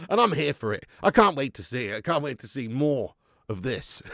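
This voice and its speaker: A man hosting a live football watch-along, bantering loudly, swearing and reading out chat messages on a close mic. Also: mid-range voice, creaky, dry recording. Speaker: fan channel host.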